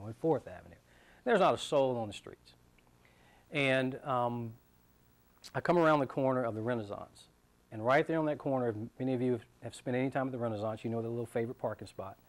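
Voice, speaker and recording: A middle-aged man telling a personal story to an audience, acting out the voices of his family. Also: medium pitch. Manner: animated storyteller, acts out voices of his son and wife. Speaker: business leader giving a talk.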